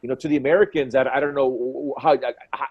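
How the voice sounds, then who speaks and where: A man in his forties, a fight commentator guest, telling stories in an excitable, quick way and acting out what people said. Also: medium pitch, slightly rough, muffled recording. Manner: excitable, quick storyteller who acts out quotes. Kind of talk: animated storytelling in conversation.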